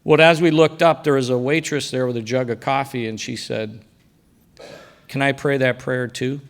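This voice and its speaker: A middle-aged man giving a personal faith testimony at a breakfast event, telling his story and dropping quiet for quoted lines. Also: medium pitch, fairly even intonation, moderate pace. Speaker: guest speaker sharing testimony. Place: banquet hall at a breakfast event.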